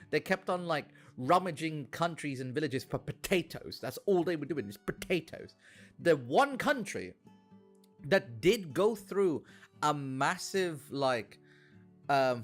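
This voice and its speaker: A man chatting on a gaming stream, telling rambling stories in an animated way and swearing a lot. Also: on the high side. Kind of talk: casual gaming stream chat.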